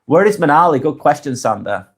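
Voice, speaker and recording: A man hosting a live vlog, reading comments aloud and answering them bluntly, often swearing, then softening to reassure. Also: fairly high pitch, big pitch swings, brisk, breathy edge. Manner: blunt, sweary, swings between brusque and reassuring. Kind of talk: casual live vlog chat.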